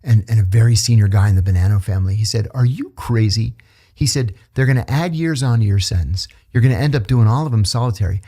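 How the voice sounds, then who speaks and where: A man's voice: on the low side, fast, slightly rough. A middle-aged man in a casual podcast interview, telling stories and acting out the voices of the people he quotes. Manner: animated storyteller who acts out the quoted voices. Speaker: interview guest, former intelligence officer.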